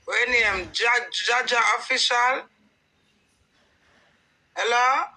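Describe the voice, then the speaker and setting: A woman's voice: fairly high pitch, slow pace, sharp tone, low-quality recording. A Jamaican woman hosting a live stream, chatting in patois and talking about life's troubles. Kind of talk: casual live stream chat.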